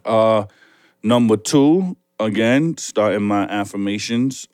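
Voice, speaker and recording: Laid-back New York man, low and dry. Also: slow, darkish tone, no echo. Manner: laid-back, rambling, laughs often. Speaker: podcast co-host. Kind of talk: casual chat.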